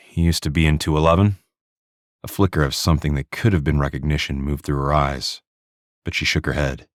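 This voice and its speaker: A man narrates a thriller audiobook in a steady, measured storytelling voice. His pitch sits extremely low, and the close studio mic gives a dead, dry sound with no room around it. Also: no echo.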